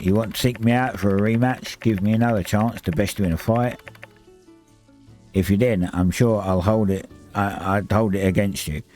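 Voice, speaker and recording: Guy doing a cocky aussie-accented kangaroo, trash-talks with a low voice, music playing. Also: darkish tone. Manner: folksy Australian slang, mock-tough taunting. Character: brash male talking kangaroo with an Australian accent. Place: home streaming setup.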